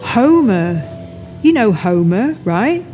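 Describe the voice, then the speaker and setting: A woman's voice: mid-range voice, big pitch swings, takes it slowly, mellow, faint music behind, voice pushed up. A woman reading an audiobook, voicing a blunt, teasing adult woman who tells stories. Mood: storytelling. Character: brash chatty adult woman storyteller. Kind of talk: audiobook character voice.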